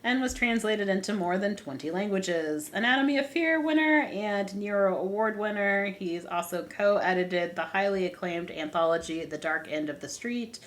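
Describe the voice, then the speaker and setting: A woman's voice: medium pitch, lively intonation, moderate pace, few pauses. A woman co-hosting a book club podcast, chatting casually, reading author bios aloud and adding dry asides. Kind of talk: casual chat.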